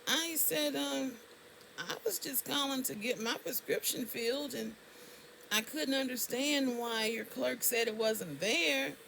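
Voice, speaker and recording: A woman's voice: high voice, measured pace, creaky, a bit bright, a little hiss or hum, poor audio. A woman tells a story to camera in a casual, indignant way, and her voice jumps up sharply on exclamations. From Alabama, US. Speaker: vlogger.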